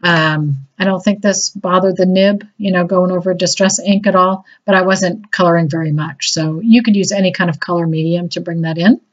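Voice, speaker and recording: Chatty crafty lady talking thru her project, kinda low voice, bit muffled recording. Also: steady tone, normal speed, hardly any pauses. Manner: chatty, enthusiastic, self-deprecating. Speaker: crafting demonstrator. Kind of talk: casual craft tutorial voice-over. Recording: slightly dull lo-fi audio.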